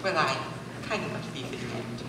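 A woman's voice: very deep voice, lively intonation, fairly quick, background noise. A woman on stage playing a fussy male playwright who reads his stage directions aloud and defends his script, heard from far off in an echoey hall. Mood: defensive. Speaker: stage actor. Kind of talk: amateur stage play performance. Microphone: far room mic.

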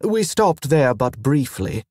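Man doing a tired formal gentleman, gentle, precise, slow and even, audiobook, dry sound. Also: medium pitch, no room sound. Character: weary, gentle, formal man on a trade tour.

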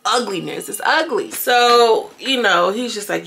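A woman's voice: fairly high pitch, lively intonation, a little slow, creaky, a bit bright, slight background noise. A woman casually reviewing a reality show from home, chatting directly to her viewers with blunt, opinionated commentary.

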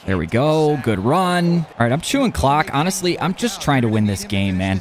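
A young man narrating his own video game session out loud, his voice moving widely in pitch as he reacts. He mutters plans to himself, then breaks into loud yelps and groans at big plays. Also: moderate pace, few pauses. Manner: excitable, talks to himself, yells at plays. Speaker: gaming YouTuber. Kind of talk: live gameplay commentary.

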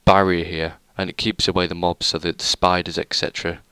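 A man's voice: deep voice, flat delivery, brisk, pushed and bright, clear, resonant tone, no echo. A young man giving a rambling, self-deprecating tour of a game world, full of hesitant fillers. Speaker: gaming YouTuber. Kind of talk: casual let's play commentary.

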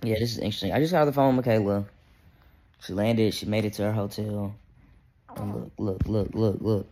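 A man's voice: on the low side, fairly even intonation, fairly quick, dark tone. Young man, casual family vlog, new father, emotional, faint background noise. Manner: emotional, talks to camera and baby.

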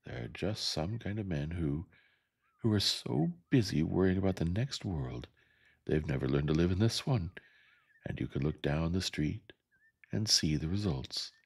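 A man's voice: deep voice, expressive, moderate pace, gravelly, slightly rough, exaggerated voice. Man reading as a dry-tongued older neighbor woman. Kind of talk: gentle audiobook reading.

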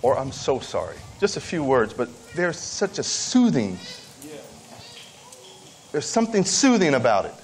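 A man's voice: very animated, measured pace, pauses often, a little hiss or hum. Emphatic man preaching a camp meeting sermon. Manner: rises to high, emphatic pleading then drops to quiet asides.

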